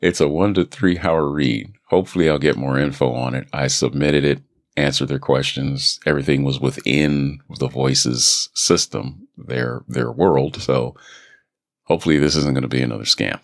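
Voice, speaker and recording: A man's voice: extremely low pitch, steady tone, normal speed, creaky. A man hosting a voice-acting podcast, talking casually and rambling into a studio microphone. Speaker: podcast host and voice actor.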